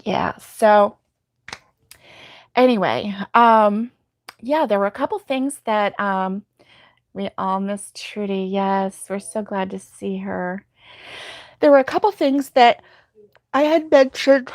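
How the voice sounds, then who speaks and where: A woman's voice: medium pitch, animated, takes it slowly, pauses often, no echo, clean studio sound. A sleepy woman hosting a casual live stream, chatting to viewers by name with many ums and laughs. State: sleepy, yawning. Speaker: crochet channel host reading live chat.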